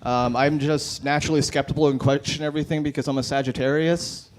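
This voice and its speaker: A man doing stand-up at an open mic night in a brewery, speaking into a handheld mic. His voice sits a little high. He delivers short one-liners in a dry, deadpan way. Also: fast, slight background noise. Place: brewery bar.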